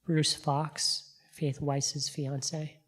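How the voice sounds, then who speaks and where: Service leader, slow and level, reading a list of names at a service. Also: mid-range voice. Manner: measured, even reading of a list.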